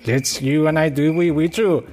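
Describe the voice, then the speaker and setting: A man voicing a pleading Mexican lover, with a put-on mock Mexican accent and slow crooning delivery. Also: fairly high pitch, fairly even intonation, a little mellow, slight background noise, natural voice.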